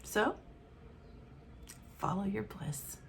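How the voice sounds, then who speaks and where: A woman's voice: medium pitch, lively intonation, drawn-out words, creaky, slight background noise. A woman in her forties talking frankly and reflectively to her viewers in a casual, motherly monologue. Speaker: vlogger.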